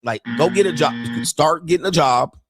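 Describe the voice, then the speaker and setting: A man's voice: on the high side, lively intonation, moderate pace, music in the background. Mocking, laughing man commentator. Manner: mocking, laughing often, blunt and profane. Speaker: streamer reacting to pickup videos. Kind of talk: casual reaction commentary.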